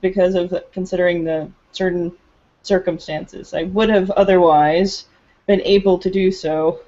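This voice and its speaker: A player describing their character's actions in a tabletop game, halting and giggly, with many restarts. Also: medium pitch, steady tone, dark tone, highs cut off. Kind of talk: role-playing a character at the table.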